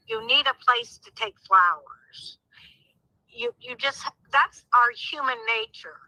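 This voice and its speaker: A woman's voice: on the high side, sharp tone, dry recording, low-quality recording. A woman speaking as a guest in a phone interview, emphatic and heartfelt, often repeating herself. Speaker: guest, sister of a crime victim.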